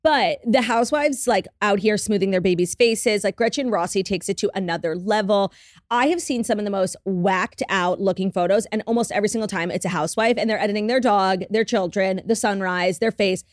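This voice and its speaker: A woman in her twenties with a Long Island accent, a podcast guest with a quick-witted, gossipy, animated manner. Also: medium pitch, dry recording, studio quality. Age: 20s. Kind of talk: casual chat.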